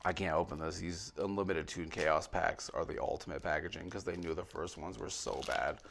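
Gravelly low-voiced man opening card packs. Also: brisk, slight background noise. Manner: rattles off card names, swings between muttering and excited outbursts, swears freely. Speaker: card pack opener on a video channel. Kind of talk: casual pack-opening commentary.

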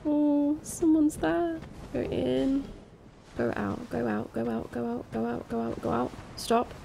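A woman doing excitable, jumpy commentary while playing a game. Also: high voice, unhurried, creaky, slight background noise. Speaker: gaming streamer. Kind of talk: let's play commentary.

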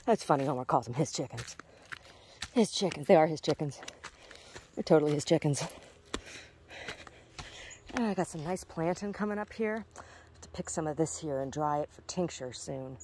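A woman's voice: low voice, moderate pace, pauses often, a little mellow, slight background noise. A woman vlogging casually as she walks her backyard garden, muttering to herself and cooing at her chickens. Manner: chatty, muttering to herself, sing-song baby talk to animals.

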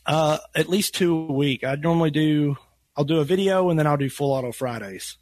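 A man's voice: on the high side, a little fast, a little mellow, dry recording. A man with a Western Kentucky accent, chatting easily as a podcast guest, rambling a little and laughing often. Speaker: guest, gun YouTuber. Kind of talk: casual podcast chat.

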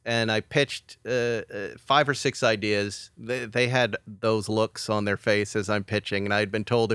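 Animated middle-aged male storyteller. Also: fairly low pitch, moderate pace, hardly any pauses, clear, resonant tone, no room sound, clean studio sound. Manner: animated storyteller who acts out quotes. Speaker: guest, comedy writer. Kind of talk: podcast interview storytelling.

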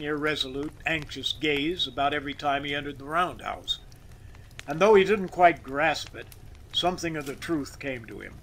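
A man narrating a classic story as an audiobook reader, expressive and measured. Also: a little high, slight background noise, low-quality recording.

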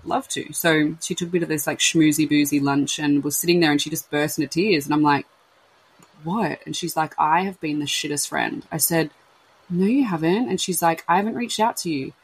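A husky-voiced woman talks openly and emotionally, her sentences trailing off and restarting as she acts out her friends' words. Her speech is slightly breathy. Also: sits low, fairly quick, poor audio. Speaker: podcast host sharing her baby loss. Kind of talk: candid casual chat.

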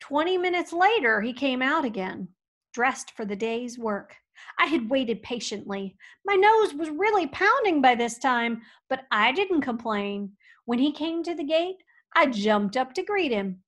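A woman reading a storybook aloud with folksy, lively expression. Her voice sits a little high, and she swings between hushed asides and loud outbursts. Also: measured pace. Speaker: audiobook reader. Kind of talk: storybook narration.

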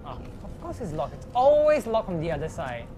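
A woman's voice: fairly low pitch, sing-song, fairly quick, warm tone, faint music behind. A woman hosting a gameplay stream, chatting and joking with many fillers. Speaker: gameplay host. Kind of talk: casual gameplay commentary.

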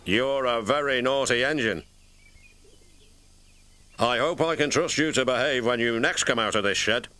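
A man's voice: medium pitch, moderate pace, pauses often, pushed and bright, natural voice. A British man voicing a stern, portly male railway boss in a storybook, speaking briefly and bluntly.

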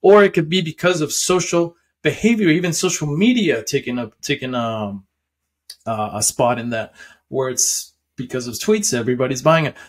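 A man's voice: mid-range voice, animated, normal speed. A young man casually explaining how stocks work, rambling with many fillers and restarts and chuckling often. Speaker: finance video host.

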